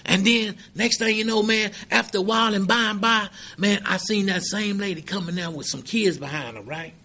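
High, bright-voiced man giving testimony. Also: normal speed. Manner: emphatic and earnest, peppered with "man" and "right?". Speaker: recovering addict sharing at a meeting. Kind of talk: personal recovery testimony.

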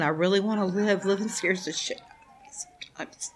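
With a medium-pitched voice and a brisk pace, a fifty-something woman gives a candid personal account to a recovery group, addressing the room directly. She laughs and curses often. A little hiss or hum runs under the recording.

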